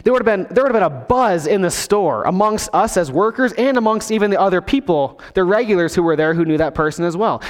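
A man's voice: high voice, lively intonation, quick pace, hardly any pauses, long reverb tail. A man preaching a sermon in a storytelling way, acting out scenes with different voices. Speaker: pastor.

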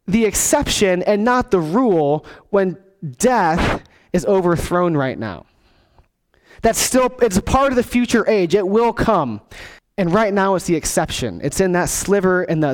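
A man preaching a sermon as a pastor, earnest, dropping quiet and low to stress key words. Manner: acts out quoted voices in the text.

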